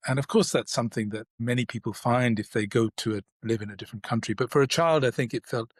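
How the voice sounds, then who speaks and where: A man in his sixties speaks with a standard British accent, measured and reflective, with small restarts as he thinks. His voice sits in a middle register and the sound is dry and close. He talks as a guest in an unhurried interview. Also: medium pitch, no echo. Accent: standard British English. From South Asia, raised in the United Kingdom. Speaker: guest, neurologist. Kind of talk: thoughtful conversational interview.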